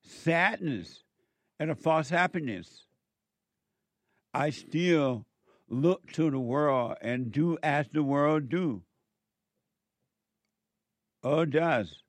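A man preaching a sermon, scolding and emphatic, with sudden swings in loudness and pitch. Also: animated, extremely slow, long pauses, no echo.

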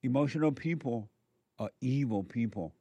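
A man giving a moralizing monologue in a slow, emphatic way, repeating words for stress. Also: medium pitch, mellow, slightly rough, no echo, highs cut off.

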